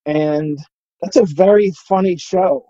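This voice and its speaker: A middle-aged man hosting a casual interview, speaking haltingly with many restarts. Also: high-pitched, mellow, no room sound, muffled recording. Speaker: podcast host.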